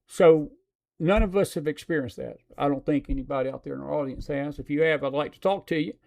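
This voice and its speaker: A man's voice: a little high, fairly quick, vocal fry, a little mellow. A man hosting a talk show, ranting emphatically with repeated phrases and addressing his audience directly. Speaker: show host. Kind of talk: live-stream commentary talk.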